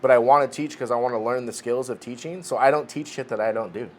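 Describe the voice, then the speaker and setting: A man's voice: medium pitch, quick pace, a little hiss or hum. A man in his forties, a podcast co-host telling a training story in a casual chat, swearing freely and restarting his sentences. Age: 40s.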